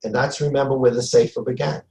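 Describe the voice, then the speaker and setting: A man's voice: medium pitch, level tone, fast talker, vocal fry, darkish tone, echoey room, rough recording. A man giving a Torah class as a rabbi, emphatic, repeating phrases and acting out dialogue. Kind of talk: Torah lecture.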